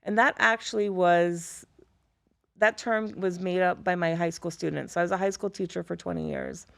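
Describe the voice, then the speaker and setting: A woman's voice: lowish voice, moderate pace, creaky. A middle-aged woman from Florida, a former teacher, telling personal stories in conversation and acting out the dialogue she quotes. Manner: lively storyteller who acts out quoted dialogue. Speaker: guest, former high school teacher.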